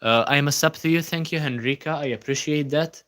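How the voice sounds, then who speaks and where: With a brisk delivery and a voice on the high side, a young Maltese livestream host reads out comments from viewers. He stays relaxed, thanks people often, and peppers his talk with ums and uhs.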